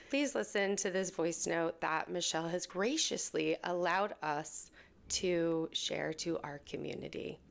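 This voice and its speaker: A woman's voice: fairly low pitch, gravelly. A woman hosting a podcast, chatting heartfelt and casually as she opens an episode. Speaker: podcast host.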